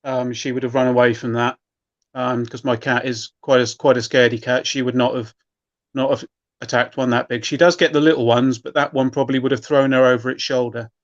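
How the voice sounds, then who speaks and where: A man's voice: medium pitch, flat delivery, brisk. A man co-hosting a casual live stream, chatting and telling stories in an apologetic, easygoing way. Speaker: co-host. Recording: slightly dull lo-fi audio.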